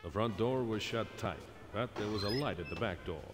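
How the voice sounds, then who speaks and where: A hard-boiled private eye narrates with dry, deadpan wisecracks, voiced by a man. His low voice carries a long reverb over faint music from an old game. The delivery stays steady and understated. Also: fairly quick, close to an everyday voice.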